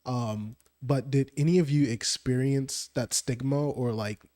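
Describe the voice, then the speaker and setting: A man hosting a podcast, his voice at an ordinary middle pitch. He talks in a reflective, conversational way and guides the discussion with questions. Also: fairly even intonation, unhurried, a little mellow. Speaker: podcast host. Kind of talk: casual faith podcast discussion.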